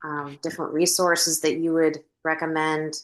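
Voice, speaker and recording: A woman hosting a wellness podcast who asks her guest questions gently. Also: low voice, flat delivery, moderate pace. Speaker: podcast host. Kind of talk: interview questions.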